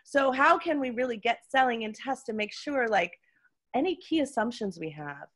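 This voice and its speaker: Woman host, a bit hoarse, enthusiastic and laughing, casual chat. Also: on the high side, lively intonation, moderate pace, a bit bright. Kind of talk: casual conversation.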